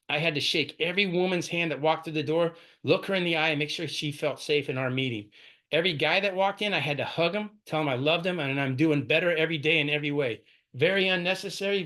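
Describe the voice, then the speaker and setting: Quick guy telling his sobriety story, kinda high voice, keeps saying right? and man. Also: sharp tone. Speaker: AA speaker sharing his story. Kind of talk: personal recovery talk.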